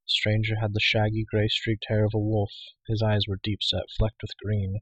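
Male audiobook narrator, steady, low, husky, dry close mic. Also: moderate pace, hardly any pauses, no room sound, highs cut off.

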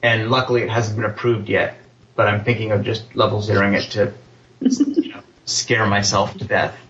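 A man's voice: lowish voice, level tone, normal speed, fairly bright tone, slight background noise. Earnest man on a muffled call. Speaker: panelist. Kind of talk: panel discussion.

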